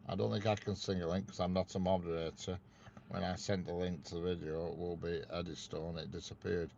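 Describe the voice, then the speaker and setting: A man with a very low, deep voice and a Northern English accent chats casually on a live stream, reading out viewer comments and ribbing them with dry humour. The audio is dull and lo-fi, with a faint hiss of background noise underneath. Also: flat delivery, brisk, vocal fry, darkish tone. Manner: reads viewer comments aloud and teases them with dry banter. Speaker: railway live-stream host.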